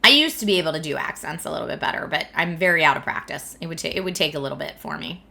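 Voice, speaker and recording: Her voice is low, gravelly, pushed and bright, and she talks very fast. The woman, from the Philadelphia area of the USA, streams from a home setup in California, chatting casually, reading viewer comments and laughing often.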